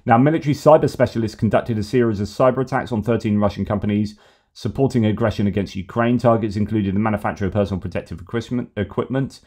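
Guy ranting about the news, low mellow voice, gets loud and heated. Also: fast talker. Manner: ranting, animated, argumentative. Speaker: news commentary host. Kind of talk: opinionated news commentary.

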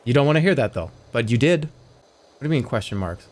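A man's voice: mid-range voice, lively intonation, fairly quick. A man streaming a video game, chatting casually with viewers in a rambling, jokey way. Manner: jokey, rambling, slips into silly voices. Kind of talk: casual livestream chat while gaming.

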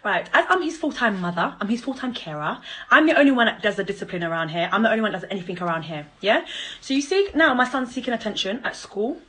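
A woman ranting at her child's father on a live stream, confrontational and mocking, swearing and bursting into loud laughter. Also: medium pitch, big pitch swings, fast, low-quality recording. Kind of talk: angry live-stream rant.

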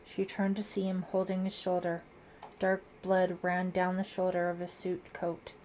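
A woman narrating a thriller audiobook in a measured, dramatic reading. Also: on the low side, completely flat delivery, darkish tone, a little hiss or hum.

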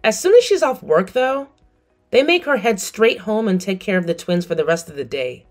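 Firm, lively-voiced woman narrator. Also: medium pitch, moderate pace, soft background music. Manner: cold, firm. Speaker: narrator and mother. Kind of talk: scripted story narration.

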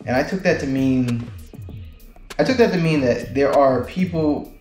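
A man's voice: mid-range voice, normal speed, darkish tone. A man talking casually to camera in a loose, rambling way, telling a story with lots of fillers and restarts. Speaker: vlogger. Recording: roomy echo, faint music behind.

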